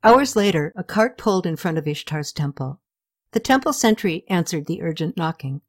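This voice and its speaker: A woman reading a novel aloud, in steady, measured scripted narration. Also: fairly low pitch. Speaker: audiobook reader.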